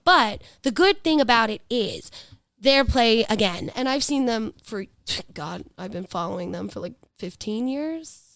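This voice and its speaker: A woman's voice: fairly high pitch, animated, unhurried, a bit bright, no echo, studio quality. A woman in her thirties with a New York accent, talking and laughing in a casual podcast chat. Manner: chatty, laughing, swearing, restarts often. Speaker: podcast co-host.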